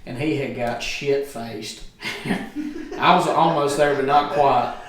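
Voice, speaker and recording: A man's voice: medium pitch, takes it slowly, fairly bright tone. A middle-aged man, a guest telling a profane, rambling story in casual chat. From Alabama, US. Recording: echoey room, distant mic.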